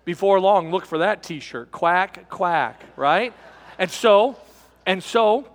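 A man's voice: sits high, lively intonation, slow pace, long reverb tail. A middle-aged man pastor preaching a sermon, telling a folksy personal story and calling his listeners friends.

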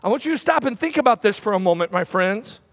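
A man preaching a sermon from a church platform, swinging between loud bursts and hushed, repeated phrases. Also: sits high, lively intonation, fast. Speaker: pastor. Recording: long hall reverb.

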